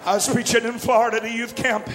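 Preacher guy hollering his sermon, real high voice, big echoey hall. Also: little pitch movement. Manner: shouting, drawn-out fervent preaching. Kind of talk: revival sermon.

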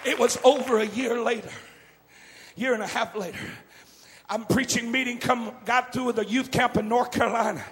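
A man preaching a revival sermon, shouting and drawing out his words with fervor. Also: very high voice, fairly even intonation, big-room sound, a faint crowd, a little hiss or hum. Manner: shouting, drawn-out fervent preaching.

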